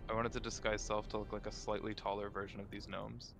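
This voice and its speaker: A man playing a tabletop game, making quick, offhand remarks. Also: lowish voice, level tone, gravelly, music in the background. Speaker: player.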